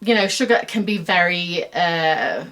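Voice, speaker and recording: Her voice sits on the low side, a bit bright, with lively intonation and an unhurried pace. This middle-aged American woman hosts her web series in an affected Australian accent, rambling through a chatty stream-of-consciousness monologue laced with fillers and self-deprecating asides.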